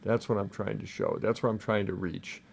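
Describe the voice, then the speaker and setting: A man hosting a coffee brewing video at home, talking in a halting, self-interrupting, nervously chatty way while he brews for the camera. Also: on the low side, steady tone, gravelly, slight background noise. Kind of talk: casual on-camera brewing demo. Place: home kitchen. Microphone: camera mic with a crew.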